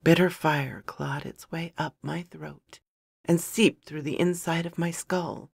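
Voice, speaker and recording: A woman narrating a first-person fantasy story in a measured, dramatic storytelling manner. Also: low voice, steady tone, vocal fry, slightly rough, no echo, studio quality.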